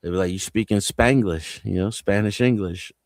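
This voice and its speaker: A man's voice: fairly low pitch, normal speed, no room sound. A man from New Jersey on a live panel, telling loose stories full of street slang and swearing. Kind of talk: casual live panel chat.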